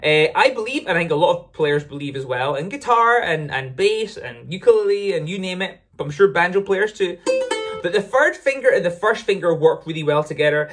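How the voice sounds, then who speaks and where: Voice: mid-range voice, slightly rough. An ukulele teacher explaining licks in a casual, upbeat way, often correcting themselves mid-sentence. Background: ukulele playing between phrases.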